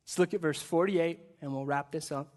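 A man preaching a sermon to a church service, in an energetic, conversational way with frequent repeated words. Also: a little high, normal speed. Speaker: guest pastor.

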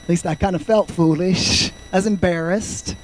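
A man in his fifties preaching a sermon, fervent, swinging between loud shouts and quiet storytelling. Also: high-pitched, steady tone, normal speed, a little hiss or hum, rough recording. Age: 50s. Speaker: pastor.

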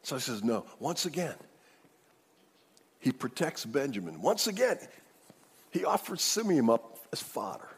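Husky preacher acting out scripture. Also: male voice, a little high, measured pace, long pauses, in a large hall. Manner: animated, acts out the scripture story. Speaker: pastor. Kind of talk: sermon storytelling.

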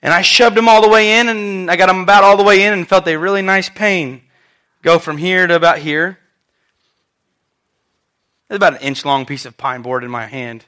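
A man preaching a sermon, telling a story with lively asides and questions to the congregation. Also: sits high, normal speed, long pauses, clear, resonant tone.

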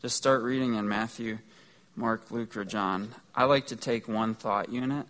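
A man's voice: on the low side, fairly even intonation, measured pace, a bit bright. A man giving a conversational, earnest sermon, explaining things step by step. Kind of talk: sermon teaching.

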